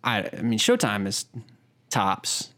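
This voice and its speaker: A man's voice: on the low side, huge pitch swings, slow, sharp tone. A man co-hosting a podcast, joking and swearing in loose, mock-sincere banter. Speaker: podcast co-host. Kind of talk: casual banter.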